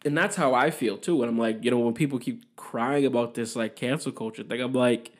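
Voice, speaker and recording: A man's voice: medium pitch, a little fast, hardly any pauses. A young man hosting a podcast, rambling through a casual solo monologue, swearing often and giving his opinions. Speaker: podcast host.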